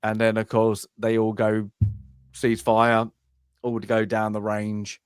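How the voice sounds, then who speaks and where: A man's voice: fairly low pitch, completely flat delivery, slow, clear, resonant tone, dry recording, studio quality, soft background music. A man co-hosting a casual film review podcast, rambling and acting out lines from the movie. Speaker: podcast co-host. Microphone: home podcast mic on a live stream.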